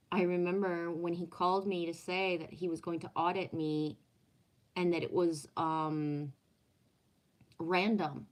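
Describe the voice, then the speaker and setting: A woman with a slightly low voice tells a personal story in casual talk. She is blunt and swears freely. She acts out the voices of the people she quotes. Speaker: former restaurant owner and chef.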